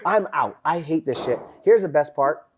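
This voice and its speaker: A man's voice: fairly high pitch, lively intonation, normal speed, background noise. A young man hosting a casual chat, telling rambling, profane war stories full of "bro" and "dude". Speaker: podcast host, former Marine.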